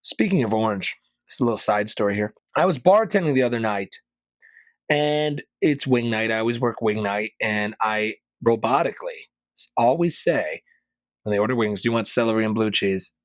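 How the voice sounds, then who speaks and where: A man hosting a podcast, ranting sarcastically in a casual monologue and jumping to loud, high peaks. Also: expressive, moderate pace, no echo. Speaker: podcast host.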